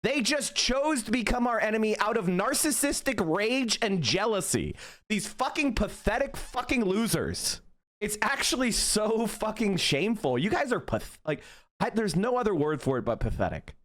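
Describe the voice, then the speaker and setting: A man's voice: high voice, sing-song, moderate pace, fairly bright tone. A man ranting heatedly and with a lot of swearing while hosting a live stream. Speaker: streamer host.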